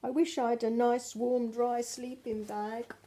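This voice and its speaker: A woman's voice: fairly high pitch, level tone, unhurried, dark tone, natural voice. An older woman voicing a sad fox from a storybook, speaking in a woeful, wishful way. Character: sad male fox with a wet sleeping bag.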